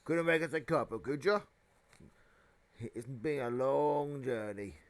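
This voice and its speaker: A man voicing a huge, shaggy male giant who talks bluntly and homely, half gruff and half kind. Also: medium pitch, takes it slowly, natural voice.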